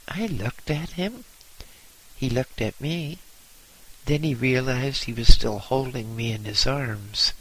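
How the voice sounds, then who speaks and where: A man telling a first-person story as an audiobook narrator, dramatic and at times almost whispering. His voice is bright and breathy. He reads at a slow, deliberate pace. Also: mid-range voice, rough recording. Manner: dramatic, with some whispered passages.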